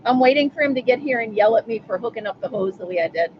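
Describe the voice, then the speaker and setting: Chatty woman with a higher voice. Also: expressive, fast, lo-fi sound, a little hiss or hum. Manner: chatty, answers viewers' comments by name. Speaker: livestream host. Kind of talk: casual live chat with viewers. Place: at home.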